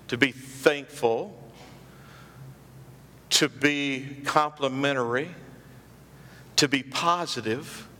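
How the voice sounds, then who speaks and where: A man preaches in a church, his voice pitched high and ringing bright. He repeats phrases for emphasis and throws questions out to the congregation. A long reverb trails every line through the hall. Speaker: pastor. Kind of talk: sermon. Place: church sanctuary.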